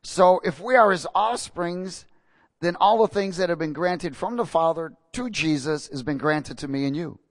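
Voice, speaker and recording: A man preaches a sermon with emphatic, rising and falling delivery, questioning his congregation and reading scripture slowly with stress. His pitch is fairly high. The audio is studio quality, with no echo.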